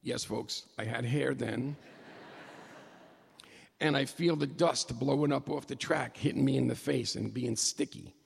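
A middle-aged man telling a humorous personal story to an audience, animated and excitable, with jokey asides. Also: medium pitch, a little slow, creaky, husky, big-room sound.

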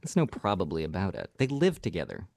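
Animated man reading poems aloud. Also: low-pitched, fast talker, creaky, dry recording, studio quality. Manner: animated, indignant about the poem. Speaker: radio producer and poet. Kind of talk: casual chat and poetry reading.

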